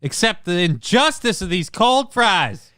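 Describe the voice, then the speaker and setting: A man putting on the voice of an indignant man who complains about his cold fries, high and strained. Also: big pitch swings, measured pace, pushed and bright, no echo, studio quality, heavily acted. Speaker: co-host.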